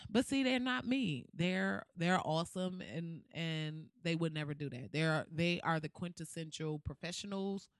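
A woman's voice: low voice, unhurried, no echo, clean studio sound. A woman ranting in a comedic, profane way, laughing often and acting out what people would say. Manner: animated, profane, laughs often, acts out quotes. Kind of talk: casual comedic rant.

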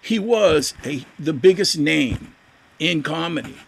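Older man, gravelly voice, fairly high pitch, animated storyteller, interview guest. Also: slow, slight background noise. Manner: animated, acts out quoted voices. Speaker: guest musician. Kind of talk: casual storytelling.

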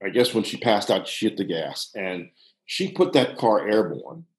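A man in his sixties from Pittsburgh, telling a long personal story in a casual, halting way with frequent restarts. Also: lowish voice. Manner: animated, halting with restarts, drops to hushed tones. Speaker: guest storyteller, former soccer coach. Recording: roomy echo.

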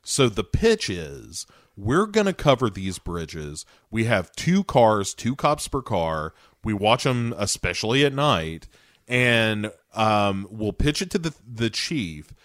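Animated man retelling an episode. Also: fairly low pitch, slow pace, no room sound, studio quality. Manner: animated storyteller, acting out quotes. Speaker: podcast co-host. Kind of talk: casual chat recapping a TV episode.

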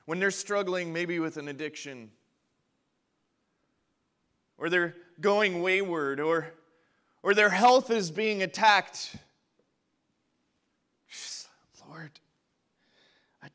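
A young man preaching a sermon to a congregation, passionate, going from quiet and low to loud and high when he acts out prayers. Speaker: pastor. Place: church before a congregation.

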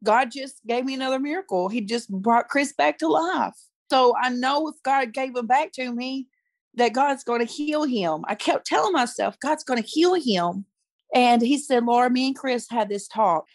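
A woman's voice: sits high, moderate pace, dry recording, studio quality. A woman guest in an interview, telling a personal story candidly and acting out what people said. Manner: candid, animated retelling that acts out quoted speech.

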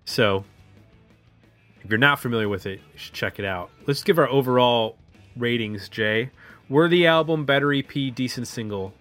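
A man's voice: mid-range voice, normal speed, fairly bright tone, soft background music. A man co-hosting an album review podcast, chatting casually with some hesitant fillers. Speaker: podcast co-host.

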